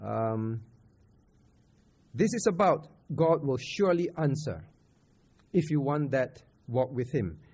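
Husky Singaporean man preaching. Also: medium pitch, animated, slow, long pauses, a little mellow. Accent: Singaporean English. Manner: conversational, asks the audience questions, repeats points. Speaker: camp preacher. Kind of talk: sermon teaching on scripture.

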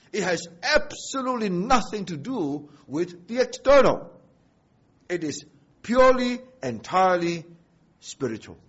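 A male pastor delivers an emphatic sermon, his husky voice rising and falling in an animated sweep. He drives his points with rhetorical questions and repetition. The sound is dull and lo-fi. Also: high voice.

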